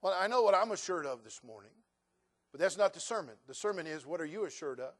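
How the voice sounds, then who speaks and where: A man preaching a sermon as pastor, telling a story with soft asides and then loud, emphatic stretches. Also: high voice, expressive, fast talker.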